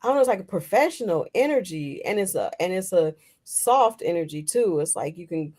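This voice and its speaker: A woman's voice: on the low side, expressive, fairly quick, a little mellow. A woman hosts a podcast in loose, rambling chat. She laughs often and trails through her questions as she goes. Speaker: podcast host. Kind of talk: casual interview chat.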